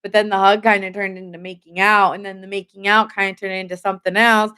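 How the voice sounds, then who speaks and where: A woman's voice: mid-range voice, level tone, fast, bright, forceful tone, clear, resonant tone. A woman giving a casual live tarot reading, chatting straight to her viewers and filling her talk with "like". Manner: chatty, lots of "like" fillers, talks straight to viewers. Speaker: tarot reader.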